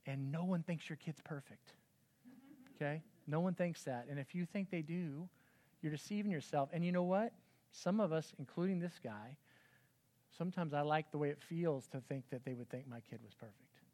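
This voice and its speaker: A man's voice: a little high, normal speed, mellow. A middle-aged man giving an earnest, conversational church talk to parents, often acting out quoted dialogue. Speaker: pastor.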